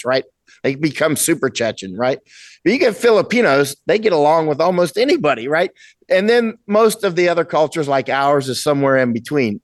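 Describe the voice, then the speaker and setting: A man's voice: medium pitch, dry recording. A man in his sixties, a guest in a casual interview, talking bluntly and emphatically at home. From United States. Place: at home with a cat.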